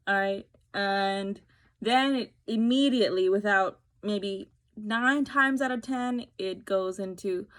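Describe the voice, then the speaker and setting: A woman's voice: mid-range voice, takes it slowly, fairly bright tone. A woman from New Jersey, talking to camera in a casual, snarky, sarcastic way and acting out what other people say. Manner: snarky, sarcastic storytelling with quoted voices. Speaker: beauty vlogger.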